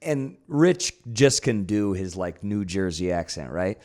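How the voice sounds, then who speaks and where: Low-voiced man co-hosting casually. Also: lively intonation, unhurried, a little mellow. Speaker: podcast co-host and editor. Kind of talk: casual chat.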